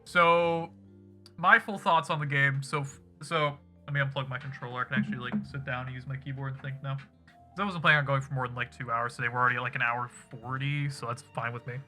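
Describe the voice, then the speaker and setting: A man's voice: mid-range voice, steady tone, quick pace, bright, forceful tone. A man streaming a game, rambling casually and swearing freely as he wraps up his stream. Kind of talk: casual end-of-stream chat. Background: music playing in the background.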